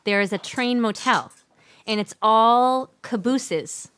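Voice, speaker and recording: A woman singer-songwriter chatting between songs on a livestream, chatty and quick to laugh. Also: a little high, fairly bright tone, smooth. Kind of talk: casual chat between songs.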